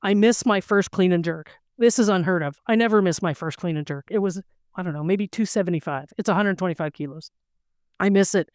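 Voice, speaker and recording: A woman's voice: lowish voice, a little fast, a little mellow, no room sound, clean studio sound. A middle-aged woman, an interview guest, telling stories casually and acting out quotes with animation. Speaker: interview guest, weightlifter and lawyer. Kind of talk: casual storytelling.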